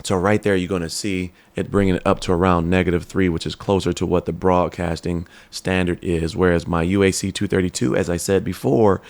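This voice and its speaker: Low, gravelly-voiced man as a relaxed home-studio tech reviewer, casual and explanatory, full of ums. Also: fairly quick, few pauses. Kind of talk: casual product demo. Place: home studio with computer fans nearby. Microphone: dynamic USB/XLR desk mic, switching to camera shotgun mic.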